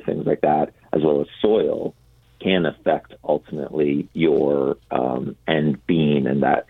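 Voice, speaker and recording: A man's voice: very deep voice, gravelly, husky, dry recording. A man on a phone line, a coffee roaster being interviewed as a radio guest, explaining at length with frequent ums. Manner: explanatory, hesitant with many ums. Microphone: telephone.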